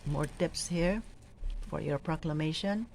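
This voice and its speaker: Woman, lector coach, low-pitched voice, slow deliberate scripture reading, faint background noise. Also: creaky, a little mellow, poor audio. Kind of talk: scripture reading and proclamation tips.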